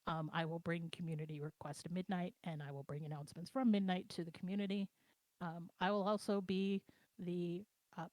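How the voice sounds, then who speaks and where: A woman's voice: on the low side, no room sound. Dry-sounding woman chatting casually. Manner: relaxed, explanatory and conversational. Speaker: project co-owner and co-host. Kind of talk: casual livestream chat. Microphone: computer mic on a voice chat.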